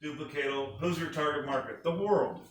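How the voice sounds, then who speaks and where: Speaking at normal speed in a voice on the high side, a man makes an eager sales presentation to a small group, posing questions to the room. He's recorded from afar in an echoey space with slight background noise.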